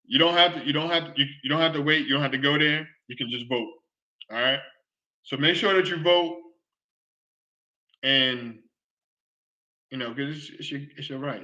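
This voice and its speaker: Speaking at normal speed with long pauses, a man with a bright, forceful tone hosts his live online sports and culture show on lo-fi sound. His casual rant to viewers is loose and repetitive, full of exclamations and scenes acted out in a falsetto shriek.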